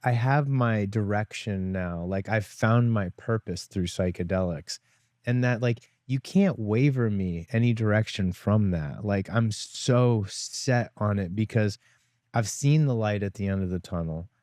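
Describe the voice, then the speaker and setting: A man's voice: fairly low pitch, unhurried, darkish tone, no room sound, studio quality. A man co-founder in casual conversation, talking in a rambling way with many "like" fillers. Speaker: wellness company co-founder.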